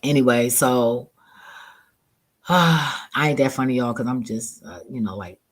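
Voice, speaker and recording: A relaxed man telling a casual storytime, loose and profane, laughing often as he talks. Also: mid-range voice, takes it slowly, rough recording. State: relaxed and laid back. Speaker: vlogger.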